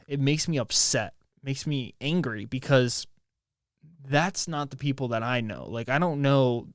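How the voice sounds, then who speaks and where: A man from the United States hosts a solo podcast from his home, in a casual monologue that keeps stopping and restarting as he works through heavy feelings. He swears freely. His pitch sits in the middle of the range, and the sound is dry and close, with almost no room echo. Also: expressive, smooth. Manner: halting, emotional, swears often, many restarts. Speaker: podcast host. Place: at home, near his bed.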